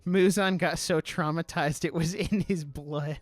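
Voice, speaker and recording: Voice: medium pitch, fairly even intonation, unhurried, no echo, soft background music. Wry podcast co-host in casual chat.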